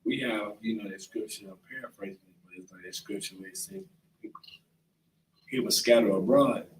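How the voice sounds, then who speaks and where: A man's voice: lowish voice, very animated, fast talker, fairly bright tone, distant mic, slight background noise, poor audio. A man in a casual Bible discussion who reads scripture aloud and chimes in with short agreements.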